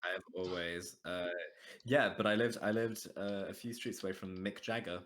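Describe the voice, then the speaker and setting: A man co-hosting a casual podcast, joking around in halting, rambling bursts full of restarts. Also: sits low, fairly even intonation, fairly bright tone, a little hiss or hum. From Australia. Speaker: podcast co-host.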